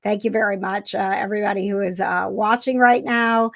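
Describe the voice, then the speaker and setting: A woman hosting a casual live stream, speaking in a halting, emotional way with many fillers and restarts. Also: mid-range voice, fairly even intonation, gravelly, fairly bright tone, no echo. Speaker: vlogger host.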